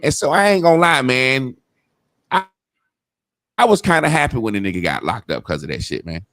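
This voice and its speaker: A man's voice: medium pitch, big pitch swings, a little fast, fairly bright tone, no echo. A man telling a childhood story in casual, profane talk, acting out the people he quotes. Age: adult.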